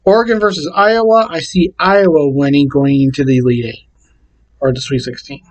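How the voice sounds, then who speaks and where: A man casually talking to camera and reading out his picks in a plain, repetitive way with halting restarts. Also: a little high, fairly even intonation, rough recording. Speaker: vlogger.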